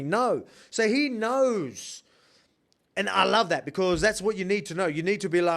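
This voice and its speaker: Emphatic Australian fighter, slightly high voice. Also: male voice, lively intonation, moderate pace, a bit bright. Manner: emphatic and rambling, with many restarts. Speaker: professional fighter breaking down a bout. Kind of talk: casual fight analysis.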